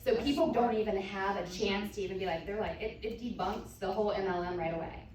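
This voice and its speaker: A woman on a panel speaking quickly and confidently in a casual, self-assured way. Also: mid-range voice, darkish tone, far from the mic. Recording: very echoey hall with crowd.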